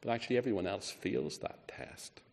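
A man preaching a sermon, emphatic, rising on key words and falling low and quiet at the ends of phrases. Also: expressive, normal speed, vocal fry. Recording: reverberant hall.

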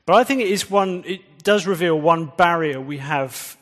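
A man's voice: on the high side, moderate pace, a bit bright. A man preaching a sermon in a conversational way, quizzing the audience. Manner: conversational, engages the audience with quiz questions. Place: church. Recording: reverberant church hall.

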